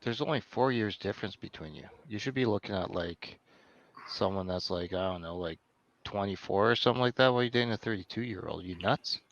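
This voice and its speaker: Gravelly man with a dull, dry sound. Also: lowish voice, brisk, a bit bright. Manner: jokey, blunt advice. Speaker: co-host. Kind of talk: casual comedic chat.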